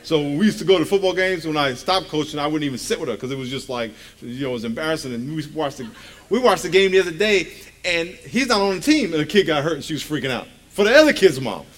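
A man's voice: fairly high pitch, big pitch swings, quick pace. A man in his forties preaching a conversational sermon in a church, joking and firing rhetorical questions at the congregation.

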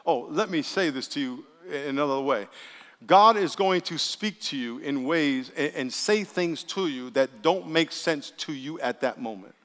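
A man preaching a lively sermon as pastor, acting out voices he quotes. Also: fairly high pitch, normal speed. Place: church sanctuary. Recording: long reverb of a church hall.

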